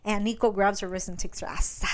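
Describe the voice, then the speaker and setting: A woman co-hosting a podcast who retells a book in casual chat, animated and giggly, with profane slang. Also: medium pitch, quick pace, crowd noise. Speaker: podcast co-host.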